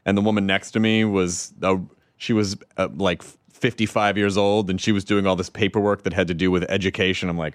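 A man from the American South hosting a casual chat, playful and quick to laugh. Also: deep voice, level tone, dry recording. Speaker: host.

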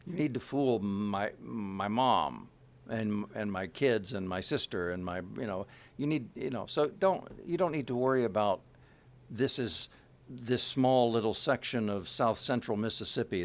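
A man being interviewed, speaking plain general American with no regional accent, rambling with many restarts and fillers as he explains a point. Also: normal speed. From Kansas City area. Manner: animated, shifts pitch to illustrate points. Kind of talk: casual interview chat.

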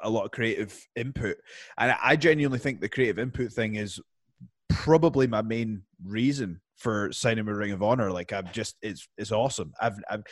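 A man's voice: fairly low pitch, dry recording, studio quality. A man from the UK, a guest on a podcast, answering in a chatty, reflective way with frequent repeated words. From United Kingdom. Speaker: guest wrestler. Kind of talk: casual interview chat.

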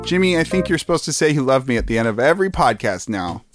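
A man co-hosting a casual comedy podcast, his voice leaping up and down in pitch as he riffs. He laughs constantly and slides into goofy bits, while a musical instrument plays faintly beneath the talk. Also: very animated, quick pace, faint music behind. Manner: joking, laughs often, slips into silly voices. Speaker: podcast co-host.

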